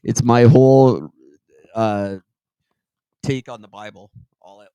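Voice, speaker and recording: A man's voice: mid-range voice, steady tone, slow, warm tone, clear, resonant tone, no echo, muffled recording. A man hosting a casual podcast chat, rambling and jokey.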